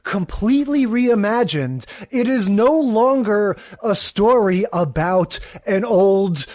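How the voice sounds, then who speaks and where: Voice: mid-range voice, lively intonation, takes it slowly, darkish tone. A podcast co-host chatting casually about a sitcom episode with wry humor and frequent laughter. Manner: wry, laughs often, acts out scenes with sound effects. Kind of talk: casual chat recapping a sitcom.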